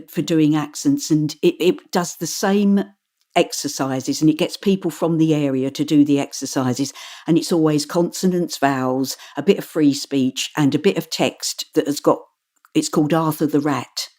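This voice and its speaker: Woman narrator, low voice, lively anecdotal delivery, loose interview. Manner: animated, stumbles and restarts while telling stories. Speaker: audiobook narrator. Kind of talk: interview answers.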